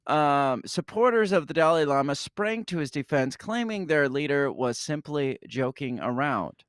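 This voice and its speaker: A man's voice: fairly high pitch, sing-song, moderate pace, no echo, clean studio sound. A man co-hosting a casual news podcast, reading stories aloud and commenting in a wry, hesitant way. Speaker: podcast co-host.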